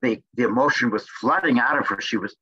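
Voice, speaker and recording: An older man interviewing an author, speaking haltingly and repeating words as he searches for them. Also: medium pitch, sharp tone, breathy edge. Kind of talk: conversational interview. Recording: dull lo-fi sound.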